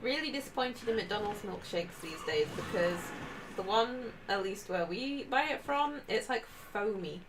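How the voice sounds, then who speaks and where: A woman's voice: mid-range voice, lively intonation, a little slow, noisy background. A woman co-hosting a gaming video, chatting and telling stories with frequent laughs. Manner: chatty, giggly storyteller. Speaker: co-host. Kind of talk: casual chat.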